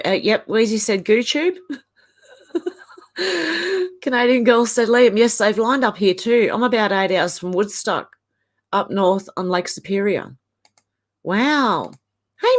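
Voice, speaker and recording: A woman from Australia hosting a livestream, reading out viewer comments in a casual chatty way and chuckling often. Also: mid-range voice. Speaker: livestream host reading chat. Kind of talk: casual chat.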